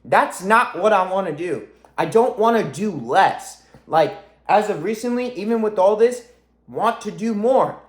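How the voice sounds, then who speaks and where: A young man in his twenties talks fast and fierce in a fairly high voice, swearing freely as he pushes a motivational message. The sound is roomy and echoey, like a bare room at home. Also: animated. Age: 20s. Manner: intense, profane, self-driven. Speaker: fitness coach. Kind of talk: motivational vlog monologue.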